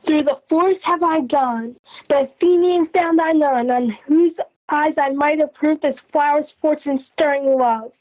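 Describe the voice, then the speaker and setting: A mischievous forest sprite , voiced by a teenage girl, chants rhymed verse for a school audio play. The voice is high and slow, with a sing-song lilt. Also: darkish tone, highs cut off. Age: teens.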